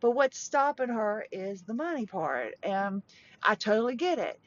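A woman's voice: mid-range voice, very animated, moderate pace. A middle-aged woman talking casually from inside a parked truck, rambling with restarts and small laughs. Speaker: podcast host. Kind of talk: casual monologue. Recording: dull lo-fi sound.

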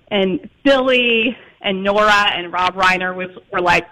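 A man from Chicago is a guest author in an interview. He tells anecdotes briskly, with lots of little fillers. His voice has a bright, forceful edge. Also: high voice, poor audio. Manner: lively anecdote-telling with fillers. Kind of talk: storytelling interview.

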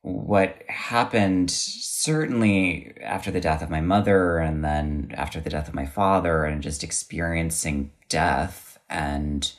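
A man's voice: low-pitched, slow, hardly any pauses. A man talking reflectively in a casual conversation, often restarting his sentences. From United States.

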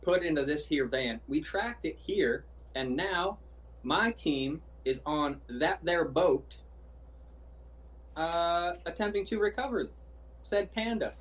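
A man's voice: on the high side, expressive, slow, a bit bright. A man voicing a courteous, wordy adventurer who talks in formal, flowery phrases, heard from a distant mic. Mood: smooth.

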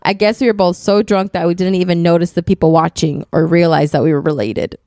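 Woman with a low gravelly voice. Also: a little fast, a little mellow, dry recording, clean studio sound. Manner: laughs often, reads then comments. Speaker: podcast co-host reading stories. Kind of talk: casual chat, reading listener stories aloud.

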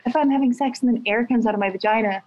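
A woman's voice: on the high side, very fast, darkish tone, lo-fi sound. Giggly thirty-year-old woman telling stories. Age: 30s. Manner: candid, giggly, rambling storyteller. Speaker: guest. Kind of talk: casual podcast chat.

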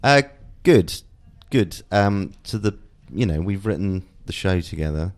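A man's voice: low-pitched, lively intonation, unhurried, darkish tone. A middle-aged man, a guest on a conversational show, speaking reflectively and searching for words with frequent restarts. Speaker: guest, father and TV writer. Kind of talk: candid conversational interview.

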